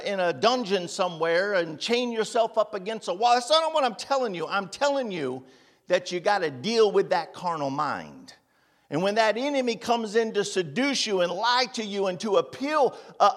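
A man with a high-pitched, fairly bright voice preaches a sermon to a congregation in a meeting room. He poses rhetorical questions and calls on listeners by name, and the recording carries a long hall reverb.

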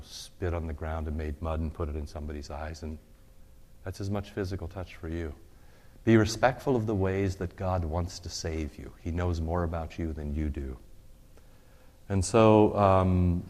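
A man preaching a sermon, earnest and exhorting, who slowly repeats a prayer in a voice that trails off softly. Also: low-pitched. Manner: earnest, exhorting, with quick asides. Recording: long hall reverb.

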